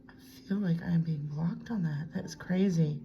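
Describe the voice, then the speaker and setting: Low, gravelly woman reading tarot. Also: normal speed, dull audio, noisy background. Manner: chatty, self-talking, drifts into hushed whispers. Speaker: tarot reader. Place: home room with a piano desk.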